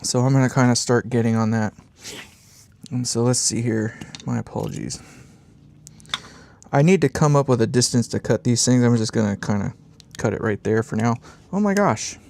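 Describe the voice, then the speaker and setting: A man's voice: medium pitch, moderate pace, gravelly, long pauses, a little mellow, slight background noise. A man with congested sinuses chatting in a rambling, laid-back way while building an amp on a live stream, swearing casually and chuckling often.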